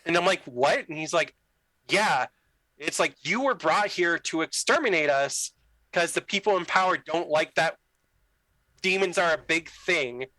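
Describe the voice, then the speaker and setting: A young man telling a story in casual chat, animated, acting out the dialogue with lots of "like" fillers. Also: fairly high pitch, unhurried, no echo, poor audio. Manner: animated, acts out quoted dialogue, many "like" fillers. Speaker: podcast guest telling a story.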